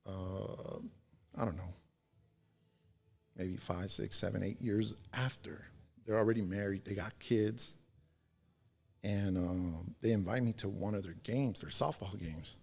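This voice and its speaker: Gravelly low-voiced man telling stories. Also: darkish tone. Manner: laid-back, slangy, swears, checks in with "right?". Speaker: podcast guest. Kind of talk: casual storytelling.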